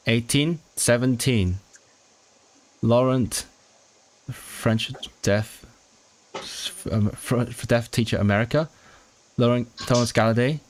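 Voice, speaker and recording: A language-learning streamer, male, with a mid-range voice and slight background noise, thinks aloud during a study session as he works out what's being signed. His speech is halting, full of restarted words and puzzled questions to himself.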